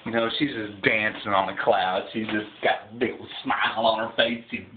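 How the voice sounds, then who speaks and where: A man's voice: on the low side, fairly even intonation, moderate pace. Rambling man telling jokes on a tinny line. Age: 30s. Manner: rambling, chuckling. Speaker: comedy vlogger. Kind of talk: casual joke telling. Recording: tinny phone-like sound with faint hiss.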